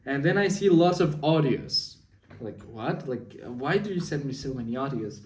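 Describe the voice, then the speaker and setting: A man's voice: medium pitch, lively intonation, moderate pace, recorded from a distance. A young man telling a long story in a casual spoken diary, rambling with lots of fillers. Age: young adult. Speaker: vlogger. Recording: echoey room, off mic.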